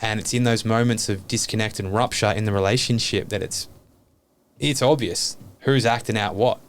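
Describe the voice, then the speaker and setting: A man's voice: fairly low pitch, moderate pace. A man talking openly and earnestly as a podcast guest, reflecting on his life and swearing casually.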